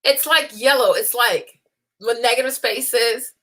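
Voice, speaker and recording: A young adult woman hosting a talk stream, blunt and scolding, with animated rants and mocking voices when she quotes people. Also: fairly high pitch, measured pace. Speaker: host. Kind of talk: unscripted opinion livestream.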